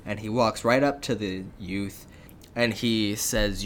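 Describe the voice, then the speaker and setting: A young man casually retelling a fairy tale as a podcast co-host, with relaxed, jokey asides and frequent fillers. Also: on the low side, a little slow, a little hiss or hum.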